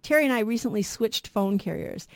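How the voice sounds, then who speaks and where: A woman's voice: mid-range voice, lively intonation, a little fast, creaky. A woman hosting a radio Bible show, teaching earnestly and asking questions she then answers.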